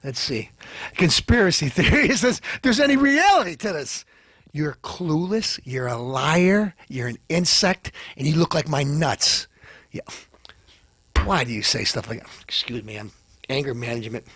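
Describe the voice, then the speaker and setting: A man hosting a comedy show, ranting and hurling insults, swinging between loud outbursts and low mutters. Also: very animated, normal speed, husky, no room sound. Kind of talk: ranting comic commentary.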